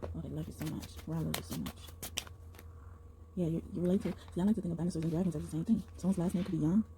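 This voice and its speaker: A young woman with a fairly low voice runs through a tarot reading at a rapid clip, gushing and rambling with frequent exclamations and casual slang. Clear background noise runs under her voice throughout the recording. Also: fairly even intonation. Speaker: tarot reader.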